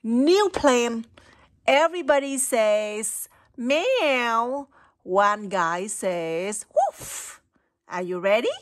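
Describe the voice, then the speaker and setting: A woman reads a children's picture book aloud, her voice a little high and swooping widely up and down. She takes it very slowly, coaxing and playful. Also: expressive. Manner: playful, coaxing, makes animal sounds. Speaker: storybook reader.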